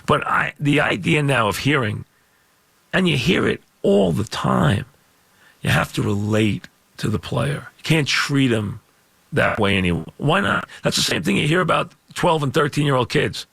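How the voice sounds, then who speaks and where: A gravelly, emphatic man holds forth on a sports radio call-in show. His voice is bright and forceful, and the studio sound is close and dry. He repeats his points loudly. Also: mid-range voice, lively intonation, normal speed, no echo. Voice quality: gravelly, scratchy voice. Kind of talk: call-in talk radio rant. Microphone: studio microphone.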